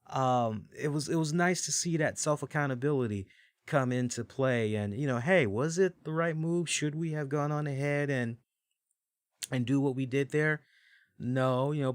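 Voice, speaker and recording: A man in his forties hosting a podcast, telling stories in casual, animated commentary, with swearing and frequent fillers. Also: medium pitch, clear, resonant tone, no echo, clean studio sound. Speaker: podcast host. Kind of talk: casual wrestling review commentary.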